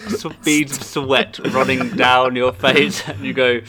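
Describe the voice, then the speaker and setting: A man plays a tabletop game with a dry, joking manner. People can be heard talking clearly behind him. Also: medium pitch, flat delivery, unhurried, a crowd in the background. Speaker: player.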